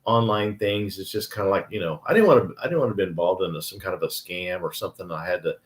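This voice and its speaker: An older man with a fairly low voice, co-hosting a casual live stream. He talks in a plain, rambling way, full of restarts and fillers. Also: quick pace, roomy sound.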